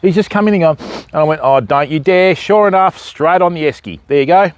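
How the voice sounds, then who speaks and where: An Australian man chats on a live fishing stream outdoors by the water, speaking briskly to his viewers and to dogs. He is chatty and calls the dogs in a high sing-song voice, and there is no room sound.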